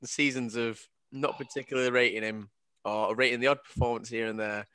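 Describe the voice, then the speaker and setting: A man's voice: medium pitch, fairly even intonation, fairly quick, pushed and bright, clear, resonant tone, no echo, clean studio sound. A man co-hosting a football podcast, easygoing and often repeating his opening words. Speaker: podcast co-host. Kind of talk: casual football podcast chat.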